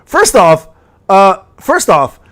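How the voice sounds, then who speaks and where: High, lively-voiced man trash-talking a friend. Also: slow. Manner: teasing, profane, mock-outraged. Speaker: gaming streamer. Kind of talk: casual livestream banter.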